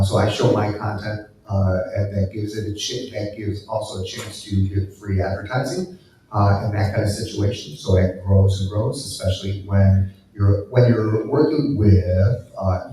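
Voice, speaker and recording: A man speaking on a live panel discussion, halting with many fillers and restarts. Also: fairly low pitch, dark tone, slight background noise. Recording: echoey room heard from far off.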